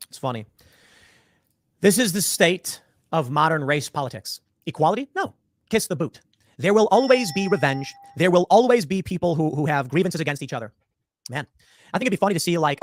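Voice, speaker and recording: Fast, animated male commentator. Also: fairly high pitch, no room sound, clean studio sound. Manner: rapid, emphatic, lecturing. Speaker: political commentator. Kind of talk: opinionated commentary.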